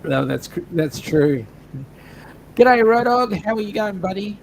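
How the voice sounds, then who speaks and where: Aussie bloke, fairly high voice, reading out the chat, lots of hiss behind him. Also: male voice, expressive, unhurried, vocal fry, low-quality recording. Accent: Australian. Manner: reads out viewer chat comments, joking. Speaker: co-host. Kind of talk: casual livestream chat.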